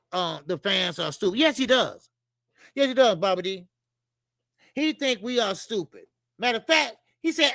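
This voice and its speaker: Middle-aged guy ranting about boxing on his stream, cussing, repeating himself, bright punchy voice, dry close sound. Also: extremely high pitch, no echo. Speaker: boxing channel host. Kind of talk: live-stream commentary, reading chat.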